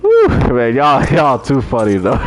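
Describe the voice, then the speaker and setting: A man hosting a live stream, chatting in a laid-back way and laughing often. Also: fairly high pitch. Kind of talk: casual livestream chat.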